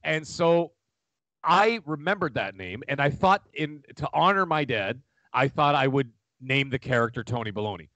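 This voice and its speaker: A man, chatting casually as a podcast co-host, rambling and animated. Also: mid-range voice, moderate pace, no room sound. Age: 40s. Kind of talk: casual chat.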